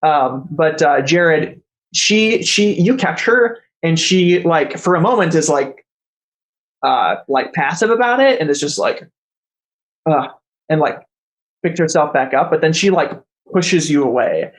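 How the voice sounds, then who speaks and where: A game master narrating a post-apocalyptic tabletop game over an online call. The delivery is halting and full of fillers, at a middling pitch. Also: lively intonation, rough recording.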